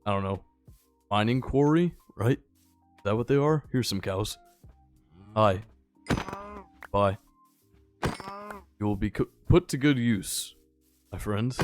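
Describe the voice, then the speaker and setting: A young man with a slightly low voice chats easily over his gameplay, wandering from topic to topic and talking to the animals he meets. Soft music sits faintly behind him. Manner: rambling, easygoing, talks to the game animals. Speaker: gaming channel host. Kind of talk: casual gameplay commentary.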